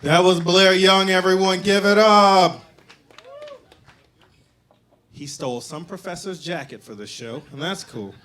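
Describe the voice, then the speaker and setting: A man's voice: sits high, a little slow, pauses often, fairly bright tone. A man hosting a comedy show, bringing acts on and off with hyped emcee patter. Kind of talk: emcee introductions. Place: comedy bar stage, live audience.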